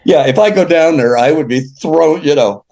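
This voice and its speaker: A man's voice: fairly high pitch, normal speed, a little mellow. Older joking storyteller man. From Illinois, USA. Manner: rambling, jokey, laughs at his own stories. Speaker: interview guest, country recording artist. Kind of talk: casual storytelling chat.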